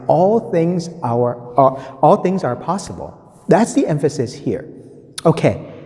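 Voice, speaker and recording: A man's voice: medium pitch, mellow. Man teaching scripture with reverb. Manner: conversational, repeats points, many "right?" tag questions. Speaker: preacher giving a gospel reflection.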